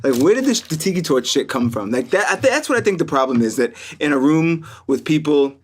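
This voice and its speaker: A man's voice: on the high side, lively intonation, brisk. Joking, profane man hosting a podcast. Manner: profane, joking hypotheticals, laughs often. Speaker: podcast host. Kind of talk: casual podcast chat.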